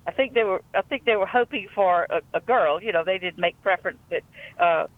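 A woman's voice: mid-range voice, fast talker. A woman with a Louisiana accent, calling in to a talk show and telling a family story in a chatty, rambling way. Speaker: caller. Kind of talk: call-in phone chat. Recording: tinny phone line.

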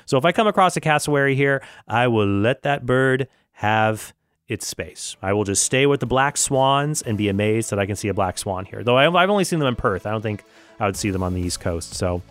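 A man's voice: on the low side, animated, fairly quick, a bit bright, faint music behind. A man hosting a casual solo podcast, telling a story in a rambling way with many fillers. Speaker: podcast host. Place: travelling in Australia.

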